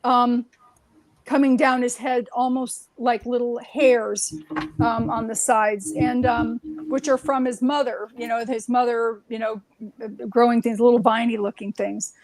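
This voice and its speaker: A woman's voice: on the high side, flat delivery, a little slow, a little mellow, slight background noise, rough recording. A woman telling stories in a casual, rambling way, full of "um"s and restarts. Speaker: guest. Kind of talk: casual conversational storytelling.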